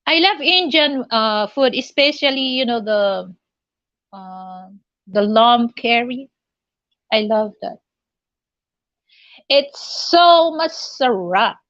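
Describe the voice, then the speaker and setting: Slow-talking Filipino woman livestreamer. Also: on the high side, a bit bright, dry recording, highs cut off. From Philippines. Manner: halting, many fillers and restarts. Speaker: livestream host. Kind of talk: casual live chat.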